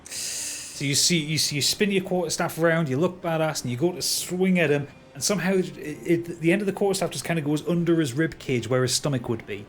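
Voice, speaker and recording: A man's voice: a little high, fairly quick, soft background music. A man narrating as dungeon master, stumbling and repeating words as he describes the action. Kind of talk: narrating a tabletop game.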